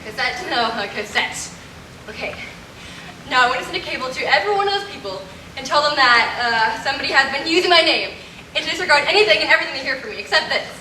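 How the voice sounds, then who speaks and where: A woman plays a vain, glamorous stage actress, imperious and melodramatic. Her voice is high and swoops widely. It is caught from far off in an echoey hall, with noise underneath. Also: expressive, quick pace, pushed and bright. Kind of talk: community stage play.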